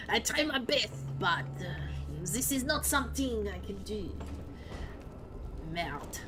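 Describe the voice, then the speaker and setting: A young woman streaming a video game, chatting casually in a playful, joking way and swearing freely. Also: on the high side. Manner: playful, swearing, laughing often. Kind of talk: casual gaming commentary.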